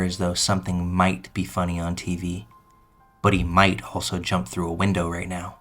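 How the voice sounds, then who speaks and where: A man reading a true first-person story aloud in measured, scripted narration. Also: low-pitched, fairly bright tone. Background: faint music.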